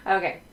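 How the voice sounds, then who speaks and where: A woman hosting a casual livestream, chatting while she decorates, laughing often and filling pauses with ums. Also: a bit bright, poor audio. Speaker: livestream host.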